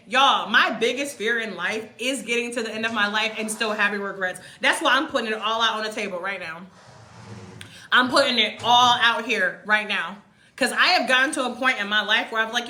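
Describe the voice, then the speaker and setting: A woman's voice: a little high, normal speed, bright, forceful tone, reverberant. A woman in her thirties live-streaming a motivational talk to her followers, emphatic, repeating her points and calling viewers y'all. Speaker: vlogger livestreaming to followers. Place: room in Mexico.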